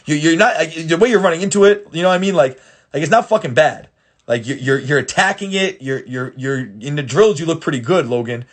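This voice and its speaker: Husky-voiced blunt football coach, a man. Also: fairly high pitch, brisk. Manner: blunt and profane, many restarts; repeats himself for emphasis. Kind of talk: casual film breakdown for clients.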